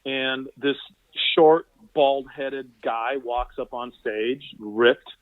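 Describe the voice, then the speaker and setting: A man on a dry, narrow phone line, speaking at an ordinary middle pitch. He is a physical therapist guest telling animated stories and quoting the people in them. The line sounds thin and tinny, with no room around his voice. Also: extremely slow, no echo. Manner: animated anecdotal storyteller, quotes people in voices. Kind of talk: conversational interview storytelling.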